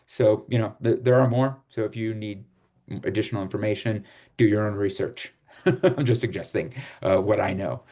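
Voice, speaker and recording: A man from Chicago hosting a casual group chat on a video call, relaxed and rambling with fillers and laughs. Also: fairly low pitch, normal speed. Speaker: host.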